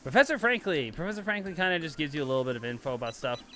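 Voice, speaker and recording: A male streamer in casual gameplay commentary, chatty and rambling as he talks to chat. His voice is slightly high and bright, and his pitch moves a lot. Faint noise sits behind him. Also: sing-song, very fast.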